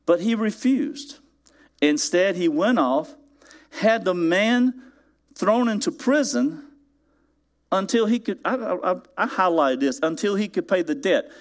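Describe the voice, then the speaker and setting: A man preaching a sermon, slow and deliberate in places, with sudden rising emphasis on key words. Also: high-pitched, big pitch swings. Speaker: pastor.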